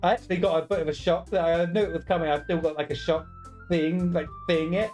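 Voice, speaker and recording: A chatty game streamer talks through a playthrough in a relaxed, casual way. The voice often dissolves into giggles, while faint music plays softly in the background. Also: medium pitch, fast. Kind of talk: casual let's-play commentary.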